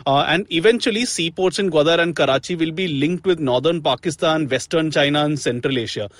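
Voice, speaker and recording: A man's voice: a little high, fairly quick, no echo. A young man hosting a podcast in casual, jokey, rambling chat. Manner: jokey, rambling, laughs often. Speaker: podcast host.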